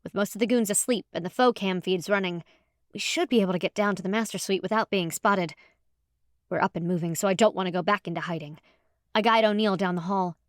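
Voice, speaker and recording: A woman narrating a first-person audiobook in a lively, expressive storytelling manner. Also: mid-range voice, fast talker, no room sound. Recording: dry close studio sound.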